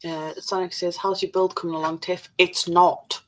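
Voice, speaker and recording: A woman's voice: lowish voice, level tone, a little fast. A woman co-hosting a casual livestream, reading viewers' comments aloud in a blunt, sweary way.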